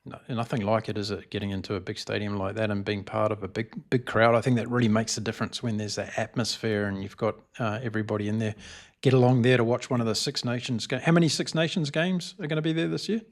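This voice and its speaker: A man hosting a podcast interview, asking questions in a steady, measured way and giving short affirmations while the guest talks. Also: on the low side. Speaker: podcast host.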